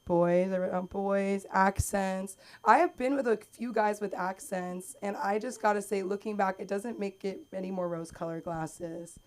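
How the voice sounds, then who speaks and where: A woman's voice: mid-range voice, fairly even intonation, normal speed, hardly any pauses. A young woman doing a stand-up set on a comedy club stage, chatty and rambling, acting out quotes. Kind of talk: stand-up set at an open mic. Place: comedy club stage under bright lights.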